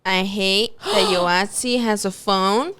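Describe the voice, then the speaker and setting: A woman appearing as a podcast guest in casual chat, excitable and acting out what others said. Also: mid-range voice, takes it slowly, smooth. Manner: excited, acts out quotes.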